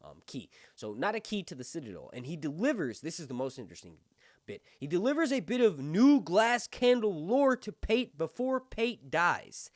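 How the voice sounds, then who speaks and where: A man hosting a fan review channel, talking with excited enthusiasm and often breaking into exclamations. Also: sits high, normal speed, no echo, clean studio sound. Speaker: book and TV review channel host. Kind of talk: excited fan commentary with read-aloud passages.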